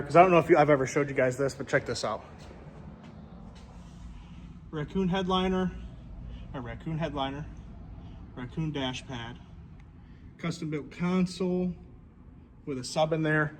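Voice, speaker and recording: Upbeat male DIY vlogger, slightly high voice, faint shop noise behind. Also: a little fast. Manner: upbeat, chatty, explains as he works. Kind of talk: casual how-to vlog. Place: workshop garage.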